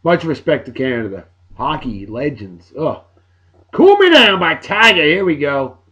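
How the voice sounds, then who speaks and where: A man, giving upbeat, jokey birthday shout-outs to friends in a casual video blog. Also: fairly high pitch, big pitch swings, measured pace, husky. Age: 40s. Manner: upbeat and jokey, lots of catchphrases. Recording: dull lo-fi sound with faint music.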